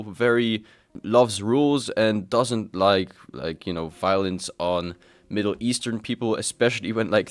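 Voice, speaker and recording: A man hosting a casual commentary vlog, chatty and self-deprecating, addressing his viewers directly as he reviews comics. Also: on the low side. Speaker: YouTube host reviewing comics.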